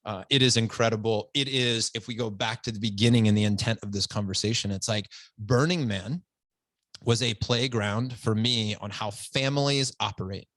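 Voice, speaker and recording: A man's voice: lowish voice, normal speed, fairly bright tone, no echo. A middle-aged man hosting a podcast, telling stories with enthusiasm in a casual chat. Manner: enthusiastic storytelling, says "dude" a lot. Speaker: podcast host.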